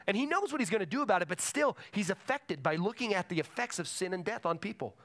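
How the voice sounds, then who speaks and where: A man's voice: sits high, lively intonation, fast, a bit bright. A man preaching a sermon to a congregation in a church, emphatic and repeating his key phrases. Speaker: pastor.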